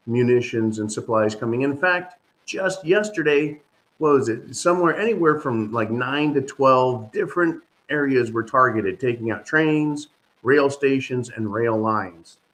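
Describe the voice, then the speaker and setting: A man hosting a commentary channel, talking in an animated, sarcastic monologue to his viewers. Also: mid-range voice, a little slow, poor audio. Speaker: host. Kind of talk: opinionated monologue.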